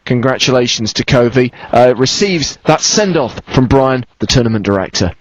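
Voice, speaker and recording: A man commentating live on a poker final table, brisk and chatty with dry banter. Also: medium pitch, expressive, no echo. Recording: slightly dull, lo-fi broadcast sound.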